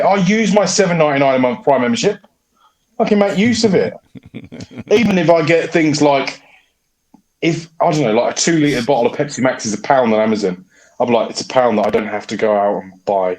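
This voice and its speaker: A man's voice: mid-range voice, a little mellow. A young man from Yorkshire co-hosting a podcast, joking, laughing and swearing freely in casual chat. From Yorkshire, England. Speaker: podcast co-host.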